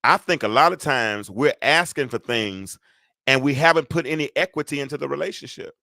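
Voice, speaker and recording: Man, middle-aged, solo talk show host, preachy, joking, bright, dry close sound. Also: mid-range voice, a little fast, creaky, dry recording. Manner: preachy, joking, asks the audience for amens.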